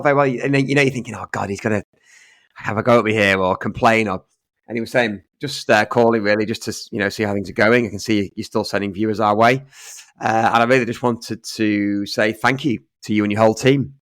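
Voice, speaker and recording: A man's voice: on the low side, steady tone, fairly quick, a bit bright, dry recording. Storytelling man, casual podcast chat. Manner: storytelling, acting out both sides of conversations. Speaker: estate agent, podcast co-host.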